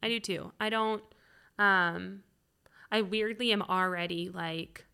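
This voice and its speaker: Woman in her 30s, podcast co-host, tense bright voice, loose rambling delivery. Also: mid-range voice, fairly even intonation, takes it slowly, vocal fry, clear, resonant tone. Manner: rambling, full of "like" and "um". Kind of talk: candid conversational chat.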